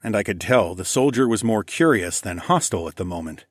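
Man, audiobook narration, first person, low voice, dry close recording. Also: lively intonation, brisk, no echo.

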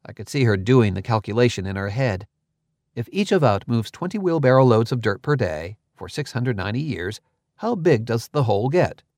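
A man's voice: medium pitch, big pitch swings, moderate pace, a little mellow, dry recording. Dry, close male audiobook narrator. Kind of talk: first-person audiobook narration.

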